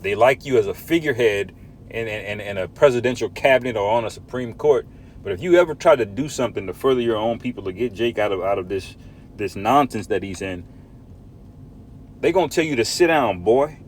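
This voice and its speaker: A man with a voice on the low side teaches from scripture, preaching emphatically and expressively at a slightly fast pace, often tagging his lines with "man" and "all right?". A little hiss or hum is audible.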